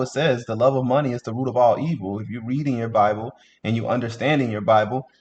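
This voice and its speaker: A man's voice: mid-range voice, muffled recording. A man hosting a reaction video, giving blunt, preachy commentary. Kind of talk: casual commentary.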